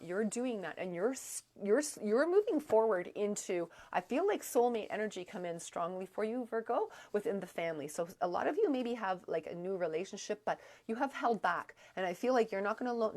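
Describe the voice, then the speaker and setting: A woman's voice: mid-range voice, a little mellow. Rambling woman giving a tarot reading. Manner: rambling, halting, many fillers and restarts. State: coughing, throat strained. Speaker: tarot reader. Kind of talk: live psychic reading.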